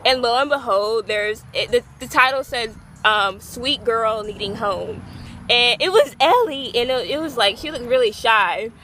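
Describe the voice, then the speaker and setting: A young woman from the Gulf Coast of Texas, telling a story in a casual vlog. She rambles, fills her talk with "like" and bursts into excited squeals. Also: a little high, a little slow, a little hiss or hum. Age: young adult. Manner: chatty and rambling, heavy use of "like". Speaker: vlogger.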